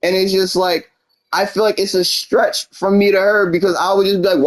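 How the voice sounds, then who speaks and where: The streamer is a young man whose high voice stays flat at a moderate pace. His casual venting monologue rambles through a frustrated personal tale, with him quoting and acting out each side of the arguments.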